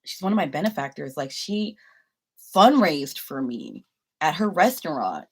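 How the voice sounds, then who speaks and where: A woman's voice: low-pitched, big pitch swings, a little slow, husky. A young adult woman vlogger telling a personal story to her viewers in a casual, rambling way, full of "like" and asides.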